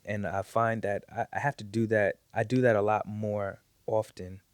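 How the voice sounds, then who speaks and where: A man's voice: fairly low pitch, level tone, moderate pace, smooth, no room sound, studio quality. A man talking as a guest on a podcast in a casual, heartfelt conversation, earnest and reflective, often repeating words as he gathers his thoughts.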